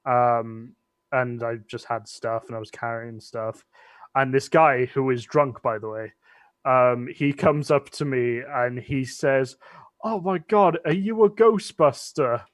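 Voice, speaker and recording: A cosplayer chatting on a live stream, telling stories with restarts and laughs. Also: male voice, medium pitch, steady tone, slow pace, a bit bright, smooth, dry recording. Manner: rambling storyteller with restarts and laughs. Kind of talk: casual chat.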